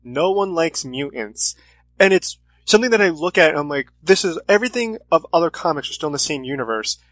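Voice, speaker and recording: A man's voice: on the high side, animated, brisk, fairly bright tone, no room sound. A man in casual chat about comics, earnest and reflective in his views. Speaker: comic podcast co-host.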